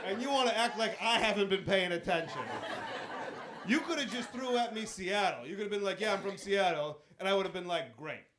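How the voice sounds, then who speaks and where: A man's voice: high voice, expressive, brisk. A man doing stand-up comedy in a club, teasing the audience with profane, riffing crowd work. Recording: live club recording with crowd. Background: audience laughter.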